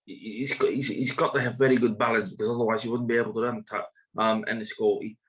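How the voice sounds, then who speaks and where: Low-pitched male trainer, chatty and rambling, full of "you know"s. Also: steady tone, fast talker, fairly bright tone, rough recording. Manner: rambling, many fillers and restarts. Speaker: greyhound trainer. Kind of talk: casual interview.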